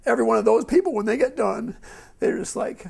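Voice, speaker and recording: A middle-aged man teaches a Christian seminar in a loose, rambling, conversational style, often restarting his sentences. He's an animated storyteller who acts out quotes in a raised voice. His voice is very high, creaky, and husky, and he talks fairly quickly.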